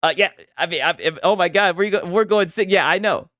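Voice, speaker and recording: A man's voice: sits high, brisk, a bit bright, no echo, clean studio sound. A man hosting a casual gaming livestream, reading chat aloud, talking loose and profane with frequent laughs and restarts.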